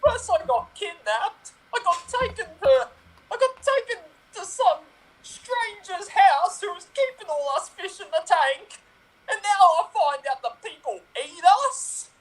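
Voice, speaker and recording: Improv: a man doing a frantic little boy clownfish, squeaky and slow-talking. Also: lively intonation, heavily acted, low-quality recording. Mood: outraged. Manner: panicky, indignant, shouting for help. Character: small anxious young male clownfish. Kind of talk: improv comedy scene. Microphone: video call.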